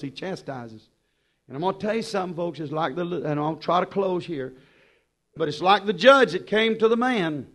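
A man preaching a sermon, impassioned and urgent, then dropping to quiet low passages.

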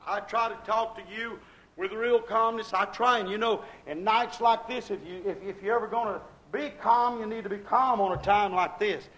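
A man preaching a sermon as pastor, swinging from quiet asides to shouted exclamations in a repetitive, emphatic cadence. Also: high-pitched, fairly even intonation, moderate pace, low-quality recording. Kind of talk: Pentecostal-style sermon.

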